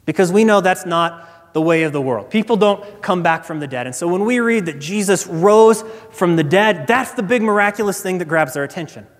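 A pastor with a notably high, light man's voice, preaching in an easy, storytelling way. His words ring out with the long reverb of a hall. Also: animated, moderate pace. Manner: conversational storytelling. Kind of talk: sermon.

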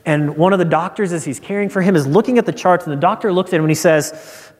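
A man's voice: sits high, quick pace. Earnest male pastor in a reverberant hall. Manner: earnest, swings from hushed to emphatic, repeats key phrases. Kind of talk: sermon. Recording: long reverb of a large hall.

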